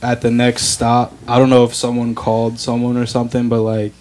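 A man co-hosting a casual podcast, talking in halting bursts with restarts and "you know" fillers. His voice sits in an ordinary middle pitch. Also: monotone, darkish tone. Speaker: podcast co-host. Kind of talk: casual chat.

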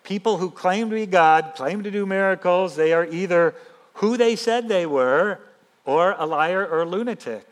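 A man pastor giving a sermon in an animated, emphatic, conversational way. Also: high-pitched, normal speed.

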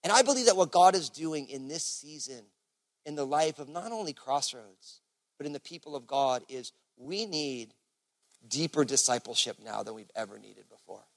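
Man, pastor, sermon, conversational, lots of fillers, fairly high voice. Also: animated, moderate pace. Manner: casual, conversational preaching with many fillers. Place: church service.

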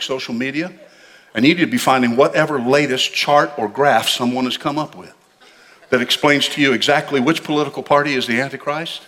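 Bright-voiced preacher in a reverberant church. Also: male voice, a little high. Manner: animated, asks the congregation to respond. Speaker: pastor. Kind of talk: sermon.

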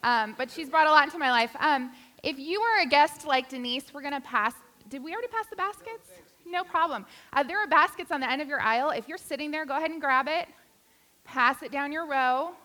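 A woman delivers a sermon in a church sanctuary, mixing teaching with playful, self-deprecating jokes. Her voice is bright and sharp, set a little higher than average. She speaks directly to the congregation, easy and personable. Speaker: guest preacher.

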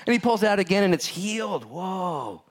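Animated, joking male pastor. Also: sits high, moderate pace. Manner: animated storytelling, acts out voices of characters; jokey, laughs at own jokes. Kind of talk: sermon.

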